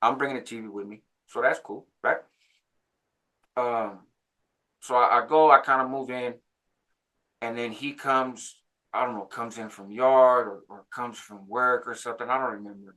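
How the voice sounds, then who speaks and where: A man in his forties casually telling a story about his past, jumping higher in pitch when he acts out what others said. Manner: animated, jumps higher when quoting others; laughs between phrases, frequent "right?". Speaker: channel host recounting prison life.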